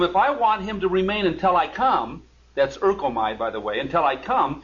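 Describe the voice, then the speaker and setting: Guy leading a bible study, lively up and down voice, kinda lo-fi sound. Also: sits high, normal speed. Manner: animated, emphatic, reads scripture aloud with asides. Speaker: Bible teacher. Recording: lo-fi recording.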